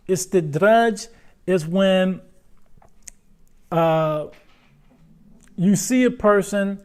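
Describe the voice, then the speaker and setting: A man gives a religious lesson in a relaxed, conversational way, pitched a little higher than most men. He keeps turning questions back to his listeners and tags his points with "right?". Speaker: Islamic teacher. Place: lecture room.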